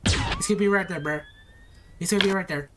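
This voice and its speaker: A woman's voice: medium pitch, fairly quick. A woman narrating her own horror game play, nervous and pleading, talking in slang. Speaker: gamer. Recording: noisy recording.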